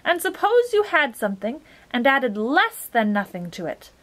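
Chirpy shape-creature, lectures brightly, a woman reading it, very animated. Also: sits high, moderate pace, pitched above the performer's own voice. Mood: lecturing. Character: cheerful many-faced male dodecahedron.

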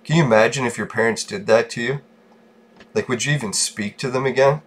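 A man's voice: medium pitch, a little fast, fairly bright tone, breathy edge. A man podcasting alone, venting bitterly in a casual, profane rant. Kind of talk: casual ranting monologue.

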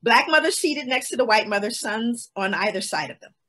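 A woman in her sixties gives an expressive, emphatic guest talk on a webinar. Her voice is high and husky, and it swoops widely in pitch as she tells stories. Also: fairly quick. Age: 60s. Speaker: guest speaker. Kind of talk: lecture-style webinar talk.

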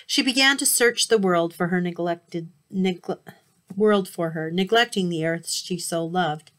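Woman reading a storybook aloud, lowish voice. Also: a little slow. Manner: expressive, occasional slips and restarts.

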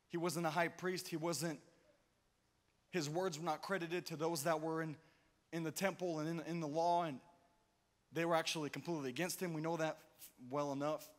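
A man preaching a sermon with drama, swinging between loud outbursts and hushed, slow passages. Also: a little high. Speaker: pastor. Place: church hall. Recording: hall reverb.

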